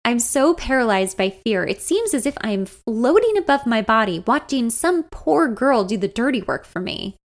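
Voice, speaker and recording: A woman podcast host telling a first-person story in a self-deprecating way, swinging between hushed and loud lines. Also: a little high, very animated, normal speed, hardly any pauses.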